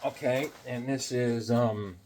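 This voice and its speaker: A man's voice: medium pitch, fairly even intonation, slow, darkish tone. A man chatting casually about comics, rambling and joking, drifting between topics. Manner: rambling, jokey, drifts between topics and puts on silly voices. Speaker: comic vlogger.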